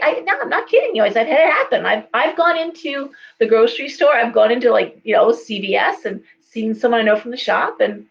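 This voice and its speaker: A woman psychic hosting a live stream, telling stories in a casual, animated way and acting out the voices of people she quotes. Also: on the high side, gravelly, dull audio, slight background noise. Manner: animated, acts out quoted voices, many restarts. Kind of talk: casual storytelling chat. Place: indoors, shop.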